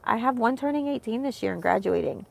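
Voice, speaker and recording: She speaks fast and animated in a somewhat high, creaky voice. A thirties-aged homeschooling mom, she chats casually to camera in a rambling, heartfelt way with lots of fillers, emotional and on the verge of tears.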